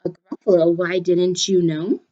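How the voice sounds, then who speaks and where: A woman's voice: fairly low pitch, level tone, a little slow, warm tone, lo-fi sound. A woman reading aloud and voicing a small, clever, boastful mouse. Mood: confident.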